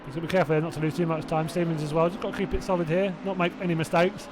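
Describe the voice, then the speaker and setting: Slightly high and level in tone, he talks very fast over a noisy background. He's from Hertfordshire, England, and commentates a sim race live in a southern English accent, rambling and chatting with viewers between calls, self-doubting and laughing to himself.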